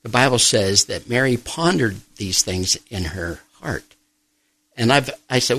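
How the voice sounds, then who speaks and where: A middle-aged man, a pastor and grief counselor, speaking softly and reflectively in an interview, pausing often. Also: medium pitch, expressive, low-quality recording. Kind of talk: personal testimony in an interview.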